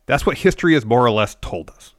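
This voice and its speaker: A man's voice: mid-range voice, expressive, fast, no echo, studio quality. A male podcast co-host casually recapping a wrestling show step by step, with plenty of filler words.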